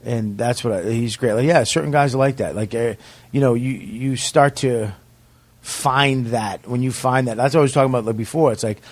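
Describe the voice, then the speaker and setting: A man, a comedian guest, telling profane, animated stories in a casual podcast chat. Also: mid-range voice, normal speed, no echo.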